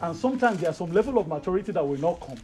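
A man with a Nigerian accent preaching a sermon, telling a personal story in an animated, rising voice. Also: high-pitched, very fast. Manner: animated, rises to loud excited storytelling.

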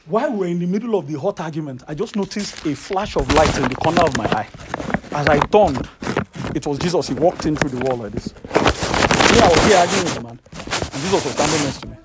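A man with a Nigerian accent preaching a sermon, telling a personal story in an animated, rising voice. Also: fairly high pitch, fast, very noisy. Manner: animated, rises to loud excited storytelling.

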